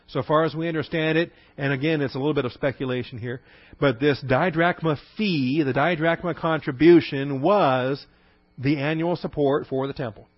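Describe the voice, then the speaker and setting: A man's voice: fairly high pitch, dry recording. A middle-aged man teaches a Bible lesson conversationally, explaining Greek terms with many fillers and frequent "all right?" check-ins. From Texas. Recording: dry, slightly dull recording.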